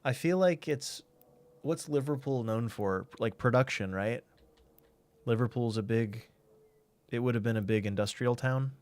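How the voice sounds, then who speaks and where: A man's voice: medium pitch, moderate pace, darkish tone. A man streaming a game, chatting casually and thinking aloud while he answers chat.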